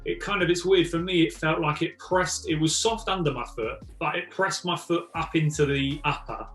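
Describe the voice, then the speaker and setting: Bright-voiced man in an echoey room. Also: fairly high pitch, normal speed, soft background music. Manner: enthusiastic, relaxed. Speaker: guest golf fashion reviewer. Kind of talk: casual chat.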